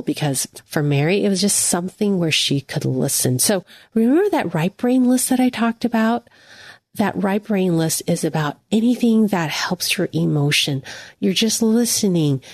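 A woman giving an earnest devotional teaching, speaking gently to the listener as a friend. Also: on the low side, dry recording, studio quality.

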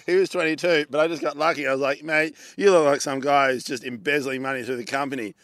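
An Australian man, a comedian and podcast co-host, telling a long story in casual chat, animated and swearing freely as he acts out the people in it. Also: a little high, fast talker, dry recording, studio quality.

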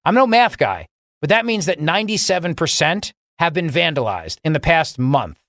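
Sarcastic talk radio host, higher voice. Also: male voice, sing-song, normal speed, fairly bright tone, dry recording, clean studio sound. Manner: sarcastic, mocking, pitch jumps for emphasis. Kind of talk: political talk radio monologue.

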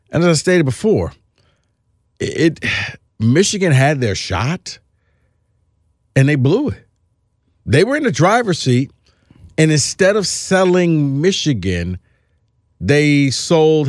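A man's voice: fairly high pitch, big pitch swings, unhurried, pauses often, darkish tone, dry recording, clean studio sound. A man co-hosting a sports podcast, talking in a casual, emphatic and opinionated way, often restarting his phrases.

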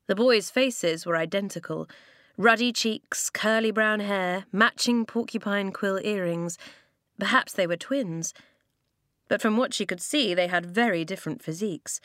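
A woman narrating a children's adventure audiobook in a calm, gently descriptive reading. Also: mid-range voice, no echo, studio quality. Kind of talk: scripted storybook narration.

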